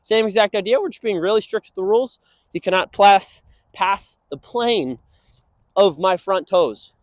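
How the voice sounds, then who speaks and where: A young male dog trainer talks through a lesson in a relaxed, conversational way. His pitch swings widely, jumping up into bright sing-song praise for the dog. The sound is dry and close, with little room around it. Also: moderate pace, dry recording. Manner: casual explaining, breaking into high sing-song praise for the dog. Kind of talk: instructional walk-and-talk.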